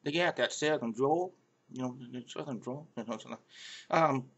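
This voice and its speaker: A middle-aged man from the American Midwest with a Midwestern accent, talking to camera in a halting, friendly vlog full of fillers. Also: medium pitch, breathy edge. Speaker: vlogger. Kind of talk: casual rambling vlog monologue.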